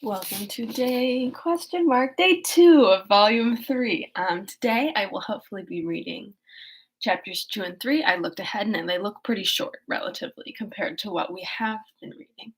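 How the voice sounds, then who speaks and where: A woman's voice: medium pitch, moderate pace, slightly rough. A young woman chatting in a bubbly, giggly way before reading a classic novel aloud. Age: young adult. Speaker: audiobook reader. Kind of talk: casual chat and reading aloud.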